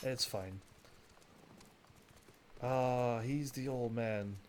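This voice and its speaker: A man's voice: mid-range voice, extremely slow, a little mellow, a little hiss or hum. A young man casually commentating as he plays a game, joking and laughing to himself. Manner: jokey, laughs often, talks to himself. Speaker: gaming streamer. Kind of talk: casual let's-play commentary.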